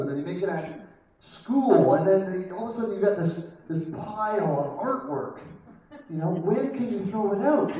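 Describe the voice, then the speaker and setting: A man's voice: on the high side, mellow. A man in his thirties performing a self-deprecating stand-up comedy set with crowd work, recorded live from a distance with an audience. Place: live venue with audience laughter. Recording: echoey room mic'd from far off, crowd audible.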